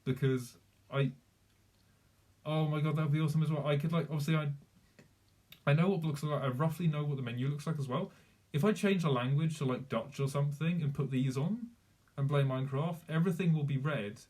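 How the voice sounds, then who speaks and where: A man's voice: a little high, fairly quick, darkish tone. A young man chatting casually on a live stream, rambling with many fillers and restarts.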